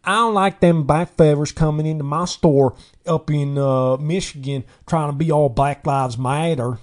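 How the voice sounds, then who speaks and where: A man's voice: a little high, moderate pace, natural voice. A man putting on a grumbling small-town store owner with an exaggerated Southern drawl. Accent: Southern US (put on).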